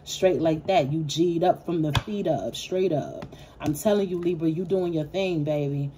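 A woman's voice: low-pitched, moderate pace, noisy background. A woman giving a casual tarot reading, speaking straight to her viewers with street slang, swearing and loose, rambling asides. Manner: addresses viewers directly and affectionately. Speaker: tarot reader.

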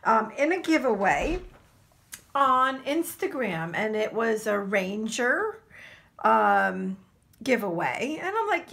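A woman from New Jersey talks to her camera about a package of craft supplies, unhurried and full of exclamations. Her voice sits a little high and sounds bright. She scatters fillers through her chatty, gushing talk. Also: expressive, creaky. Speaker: craft vlogger. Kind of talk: casual unboxing chat.

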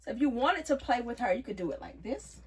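A woman's voice: fairly high pitch, very animated, fast talker, a little mellow, breathy edge. A woman vlogging a wig review in a casual, playful way, often calling viewers y'all. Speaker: beauty vlogger.

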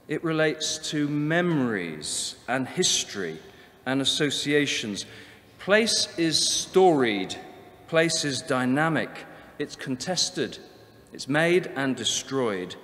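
A man giving a Bible seminar talk in a convention hall, speaking emphatically with rhetorical questions and deliberate repetition. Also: mid-range voice, fairly bright tone.

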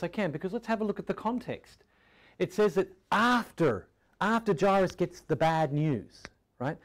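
A man preaching a sermon in a conversational way, asking rhetorical questions and often dropping to a soft, quiet tone. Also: on the high side. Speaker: pastor.

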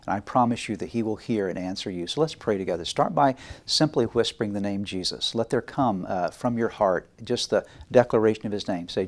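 A man delivering a sermon from the pulpit, his voice sitting a little low. He leads the congregation in call-and-response and slows down on key phrases for weight. The sound carries the long reverb of a church sanctuary. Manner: slow, drawn-out emphasis on key phrases. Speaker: pastor.

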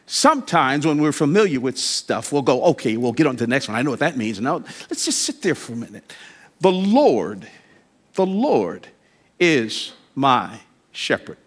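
A man preaching a sermon in a church, slowing down to stress key words, adding wry asides, and building to emphatic declarations. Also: expressive. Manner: builds from quiet, slow reflection to high, emphatic declarations. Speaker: guest preacher. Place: church sanctuary.

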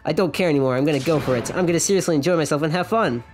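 A young woman with a lowish voice gives casual, jokey commentary while playing a video game. She reads the dialogue aloud and often breaks off to giggle. Game music plays faintly under her voice. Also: racing. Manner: jokey, giggly, self-interrupting. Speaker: let's play streamer.

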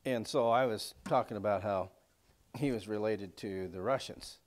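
Guy teaching bible class at church, kinda low voice, folksy and rambling, lots of "you know". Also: moderate pace. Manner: folksy and rambling, many fillers and asides.

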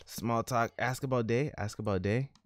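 A man hosting a casual let's-play of a life-sim game, talking in animated slang and laughing at his own jokes. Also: mid-range voice, moderate pace, dry recording, clean studio sound. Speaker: gaming channel host.

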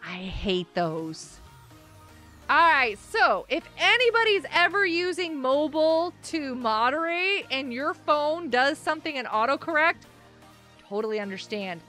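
A woman streaming a game live, chatting and giggling as she greets her viewers. Her voice is high and bouncy, with a wide, animated swing. Faint music plays behind her. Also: unhurried.

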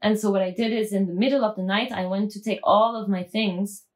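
A woman guest telling her story in a podcast interview, animated and acting out quoted dialogue, with frequent restarts. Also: medium pitch, fairly quick.

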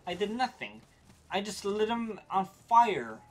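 A woman streaming a game, chatting casually with viewers in an animated way, quick to get frustrated. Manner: voice jumps high when excited.

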